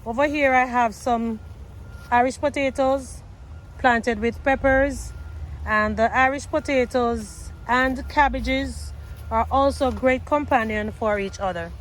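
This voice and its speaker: A woman's voice: on the high side, takes it slowly, slight background noise. A woman gardening vlogger talking viewers through her garden outdoors, chatty and repeating herself. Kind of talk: casual garden tour vlog.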